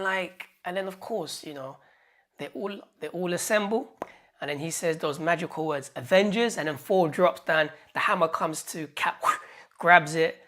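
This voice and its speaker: A British woman hosting a casual film review vlog, excitable and rambling, with lots of fillers and restarts. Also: lowish voice. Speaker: YouTube host.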